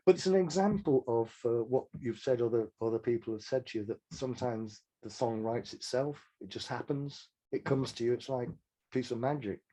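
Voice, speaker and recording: Older songwriter, mellow-voiced. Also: male voice, medium pitch. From Manchester, England. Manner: animated, anecdotal, halting restarts. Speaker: songwriter guest. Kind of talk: casual interview storytelling.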